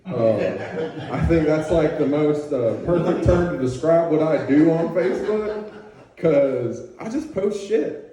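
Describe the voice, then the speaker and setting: Loose, crude stand-up comic in a roomy club. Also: male voice, fairly high pitch, lively intonation, unhurried. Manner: loose, crude, conversational with frequent "okay?" asides. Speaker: stand-up comedian. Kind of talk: stand-up comedy set. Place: comedy club stage. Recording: roomy club sound from a distance, crowd reacting. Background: audience laughter.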